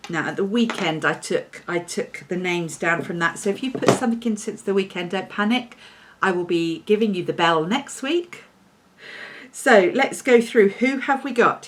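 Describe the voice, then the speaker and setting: Chatty woman podcast host. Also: fairly low pitch. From England. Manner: chatty and upbeat, scolding her dog between shout-outs. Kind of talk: casual chat to camera.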